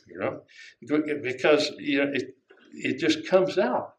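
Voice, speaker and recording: A man's voice: mid-range voice, very animated, slow. An older man preaching a conversational sermon, often asking his congregation questions. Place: church sanctuary. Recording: echoey room.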